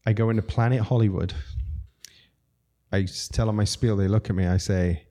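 A man from Zambia, a restaurateur guest, telling animated anecdotes in casual chat, laughing often and acting out quotes. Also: fairly low pitch, normal speed.

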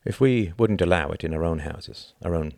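A man voicing a sorrowful, reflective British ambassador in an audiobook, speaking in a quiet, measured, grave way. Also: deep voice, vocal fry, dry recording, clean studio sound.

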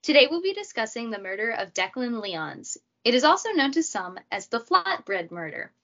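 A woman's voice: fairly high pitch, very animated, moderate pace, bright, forceful tone. A woman hosting a casual true crime podcast, chatty and jokey, with asides. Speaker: podcast host. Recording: dull lo-fi audio.

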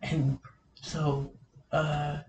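A man's voice: a little high, little pitch movement, very slow. A young man hosting a casual podcast, telling a rambling story with lots of fillers and laughs. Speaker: podcast host. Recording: echoey room with faint noise.

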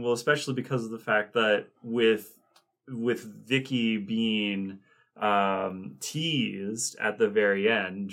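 A man's voice: fairly low pitch, a bit bright. A man co-hosting a podcast, recapping scenes in casual chat with rambling asides and many fillers. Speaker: podcast co-host.

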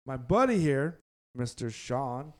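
A man's voice: medium pitch, sing-song, slow. A man hosting a casual sports podcast, loose and rambling, often joking. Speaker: podcast host.

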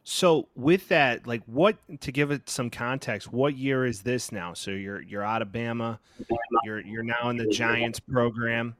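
A man hosting a podcast asks casual, rambling questions in a voice of middling pitch. His voice sounds dry and close, with no room sound around it. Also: unhurried, a bit bright, no echo. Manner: rambling, repeats words while asking questions. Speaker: podcast host.

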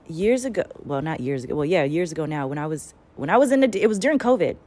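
A woman's voice: sits low, quick pace. A woman talking casually as a spiritual channeler, rambling and swearing as she tells a story with lots of energy. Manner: profane, rambling, animated storytelling.

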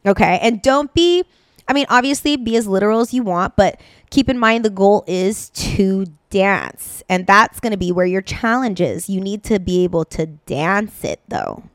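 A young adult woman hosting a casual dance podcast, talking in an animated, chatty way with quick asides and fillers. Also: mid-range voice, no echo, clean studio sound. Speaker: dance and mindset coach, podcast host.

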